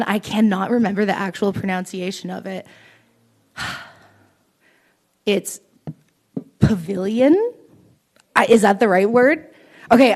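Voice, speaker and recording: With a gravelly, mid-range voice, this young woman from Canada performs stand-up at a small open mic. Her stories ramble and poke fun at herself, punctuated by frequent giggles.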